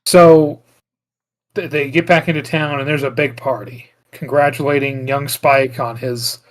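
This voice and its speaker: A podcast co-host recaps a movie in casual conversation, rambling through the story with heavy use of "like," other fillers and restarts. His voice is medium-pitched and steady in tone, and he goes a little slowly.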